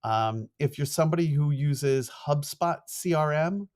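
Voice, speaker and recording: Man, new york accent, middle-aged, fast-talking course instructor, animated. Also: a little high. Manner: fast-talking, animated, acts out quoted emails. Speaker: PR trainer, former TV producer. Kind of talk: online course lecture.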